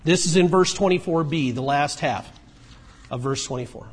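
Guy preaching, fairly high voice, chatty, punchy then soft. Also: normal speed, husky. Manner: conversational preaching, shifts from emphatic to quiet asides. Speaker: pastor. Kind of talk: sermon.

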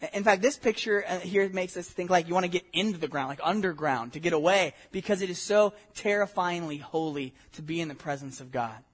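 Husky, high-voiced man preaching a sermon. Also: brisk, hardly any pauses. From Southern California. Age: adult, married with a wife. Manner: animated, conversational preaching with many asides and audience questions. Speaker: pastor. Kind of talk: expository sermon.

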